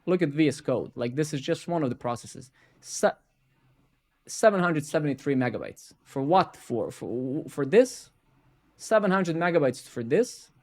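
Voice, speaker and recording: With a fairly high voice, lively intonation and normal speed, a man streams himself coding live. His casual rant is full of swearing and tagged "right?" and "man," and it fades to quiet muttering once he starts debugging.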